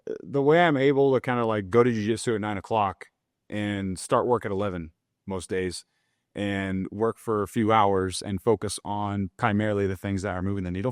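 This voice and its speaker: A man's voice: fairly low pitch, clean tone, no room sound. Candid young man, dry close sound. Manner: loose and candid, many "like" fillers. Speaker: mortgage loan officer, podcast guest. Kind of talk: casual conversational interview.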